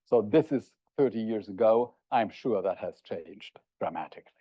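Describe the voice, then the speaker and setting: A man's voice: fairly low pitch, expressive, moderate pace, husky, no echo. Man giving an academic conference lecture. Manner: hesitant, with frequent "yeah?" check-ins to the audience. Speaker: university lecturer. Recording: dull, dry lo-fi recording.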